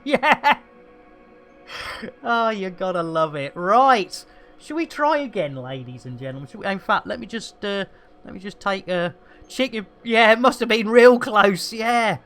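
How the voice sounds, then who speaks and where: A man's voice: high-pitched, animated, unhurried, bright, forceful tone. Man, livestream host, gameplay commentary, joking and rambling. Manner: jokey, rambling banter with cheeky asides.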